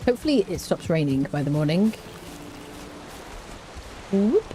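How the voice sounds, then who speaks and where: Humming little tunes while she plays, a woman streams a game and chats casually, greeting viewers in chat by name. Her voice sits on the low side, sing-song, unhurried, and mellow, with a bit of hiss or hum in the recording.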